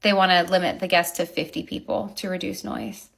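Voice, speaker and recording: A woman who owns a wedding venue, telling an animated, indignant account of a dispute with her neighbors. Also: lowish voice, fairly quick, gravelly, over a noisy crowd. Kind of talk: recounting a neighbor dispute to camera.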